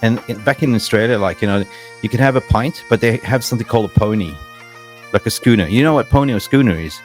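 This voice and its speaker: A man's voice: fairly low pitch, fast, soft background music. A man hosting a casual football fan chat, telling stories with lots of laughs and repeated words. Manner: chatty storyteller, laughs often, repeats words. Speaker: host.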